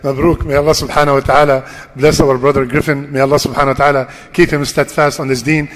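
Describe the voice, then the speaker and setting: A man's voice: mid-range voice, level tone, fast. A man leading a mosque congregation in a cheerful, informal way, laughing often and mixing in Arabic phrases. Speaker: mosque leader announcing a conversion. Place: large mosque hall. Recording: long hall reverb.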